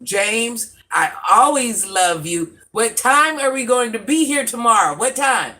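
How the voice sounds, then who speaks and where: A woman in her forties hosts a live stream, chatting with viewers, affectionately repeating herself and calling herself Granny. Her slightly high voice is expressive, pushed and bright, at a measured pace.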